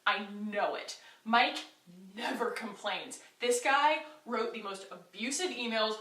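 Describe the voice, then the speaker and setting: A young woman vlogger telling a candid workplace story, chatty and animated with lots of fillers. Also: a little high, a little slow. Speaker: beauty vlogger. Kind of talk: story time vlog. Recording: echoey room, voice a bit far from mic.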